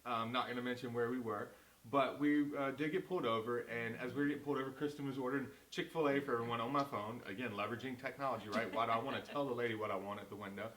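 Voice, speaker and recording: A man with a Southern American accent, a real estate agent co-hosting a casual chat and telling a story in an animated, talkative way. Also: medium pitch, rapid-fire, reverberant.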